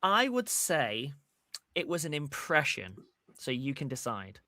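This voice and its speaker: A man's voice: medium pitch, very animated, unhurried, pushed and bright, no echo. Dry, matter-of-fact male co-host. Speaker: co-host and timekeeper. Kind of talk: live stream game show.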